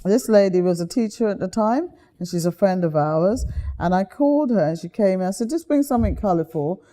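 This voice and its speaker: A woman from the UK, an interview guest telling lively stories in a chatty, animated way. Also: medium pitch, brisk. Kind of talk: animated storytelling.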